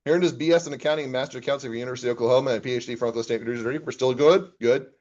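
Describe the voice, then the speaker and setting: A man's voice: mid-range voice, racing, a little mellow, muffled recording. A man, an accounting professor, giving a casual classroom lecture and reading chatbot replies aloud with his own comments.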